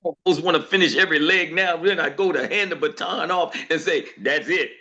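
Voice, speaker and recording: Man, group call host, high voice, folksy, laughs a lot, muffled lo-fi sound. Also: fast talker. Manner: lively, laughs often, folksy turns of phrase. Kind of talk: casual motivational chat.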